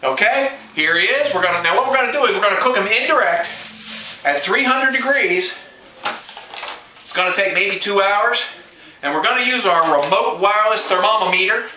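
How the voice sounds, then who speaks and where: A man's voice: high-pitched, animated, moderate pace, sharp tone, reverberant, a little hiss or hum, rough recording. A man hosting a casual barbecue cooking demonstration, folksy and joking as he talks straight to viewers outdoors at the grill. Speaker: barbecue cook and show host.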